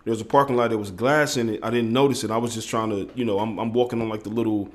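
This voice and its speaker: A man's voice: on the low side, steady tone, racing. A man co-hosting a casual podcast, laid-back and slangy, swearing and acting out voices as he tells childhood stories. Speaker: podcast co-host. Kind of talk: casual conversation.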